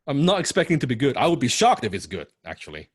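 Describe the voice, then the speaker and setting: Accented male coach, blunt and profane, pushes students hard, mid pitch, dry recording. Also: huge pitch swings, fast, slightly rough, dry recording. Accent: non-native English accent. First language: not English. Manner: blunt, forceful, profane and repetitive. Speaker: copywriting coach. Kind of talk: motivational coaching talk.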